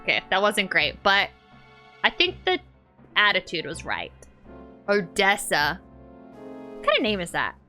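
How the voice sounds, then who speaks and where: A woman's voice: mid-range voice, unhurried, pauses often, faint music behind. A woman streamer giving playful, jokey commentary while she plays a game. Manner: playful and animated, jokey asides. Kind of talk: casual let's-play commentary.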